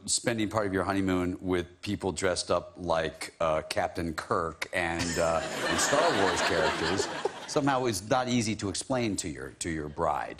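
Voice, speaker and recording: Self-mocking man telling a story. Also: lowish voice. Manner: self-deprecating, laughs often. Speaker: guest. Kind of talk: chat show anecdote.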